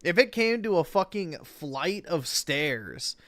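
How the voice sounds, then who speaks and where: A man's voice: on the high side, sing-song, slow, fairly bright tone, dry recording. A man mocking the subject of the video in profane livestream commentary.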